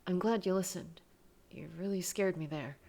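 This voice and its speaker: A woman voicing a tender, devoted young man as she reads a visual novel aloud, in a soft, plain reading voice. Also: lowish voice, moderate pace.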